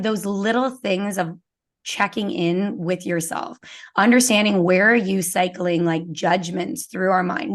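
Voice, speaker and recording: A young woman with a Canadian accent talks earnestly in a casual interview, leaning on fillers and small acted-out quotes. Her voice has a gravelly, creaky edge at a middle pitch. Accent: Canadian English. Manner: earnest, filler-heavy, acts out quoted thoughts. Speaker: podcast guest, business owner.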